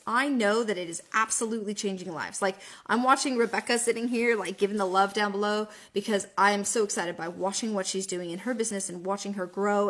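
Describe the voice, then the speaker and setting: A woman giving a motivational live video talk as an online business mentor, excitable and often fumbling and restarting her words. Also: medium pitch. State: out in the freezing cold.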